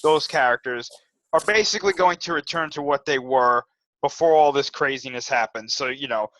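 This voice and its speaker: A man co-hosting a casual podcast, talking things through in a measured way with frequent fillers and reading from an article. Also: mid-range voice, a bit bright, dry recording, rough recording. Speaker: podcast co-host. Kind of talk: casual chat.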